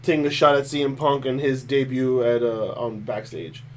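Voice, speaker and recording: A man co-hosting a casual podcast, talking in an animated, opinionated way and laughing often. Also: mid-range voice, normal speed, a crowd in the background. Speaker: podcast co-host. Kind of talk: casual chat.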